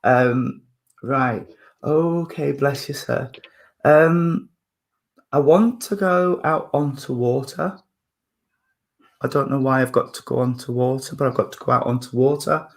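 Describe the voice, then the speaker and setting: A man working as a spiritualist medium at a church service, talking gently and hesitantly with many fillers, restarts and apologies. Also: mid-range voice, unhurried, long pauses.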